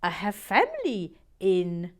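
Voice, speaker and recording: A British woman chatting playfully in a soft, often half-whispered voice as she builds in a chilly garden shed. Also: medium pitch, wildly swooping pitch, slow pace. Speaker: video host building toy bricks. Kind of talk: relaxed build-along chat.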